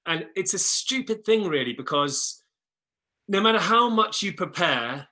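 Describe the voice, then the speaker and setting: Man, thirties, bright voice, slightly high, stop-start speech, casual chat. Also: lively intonation, unhurried. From England. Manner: hesitant, repeats words at the start of phrases. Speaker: guest, former Olympic rower. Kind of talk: casual conversation.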